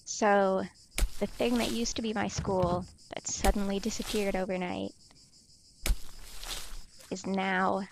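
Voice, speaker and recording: A woman's voice: medium pitch, level tone, slow pace, vocal fry, pauses often, noisy background. A woman hosting a let's play, tossing out wry asides as she plays a game. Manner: wry asides while playing. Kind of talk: casual game commentary.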